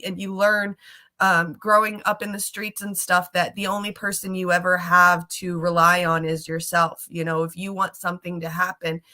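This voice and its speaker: Bright-voiced emotional woman host. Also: lowish voice. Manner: emotional, rambling, stumbles and repeats words. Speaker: show host. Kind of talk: casual emotional livestream chat.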